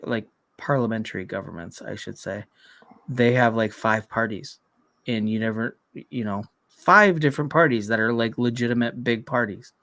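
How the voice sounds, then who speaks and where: A man's voice: mid-range voice, a bit bright, dry recording. A man in his thirties co-hosting a podcast, talking in a blunt, profane, rambling way in casual chat. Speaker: podcast co-host.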